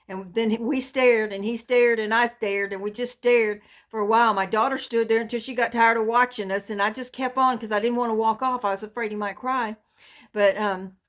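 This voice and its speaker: A woman's voice: on the high side, fairly bright tone. A mother earnestly telling a personal faith testimony in a folksy storytelling way.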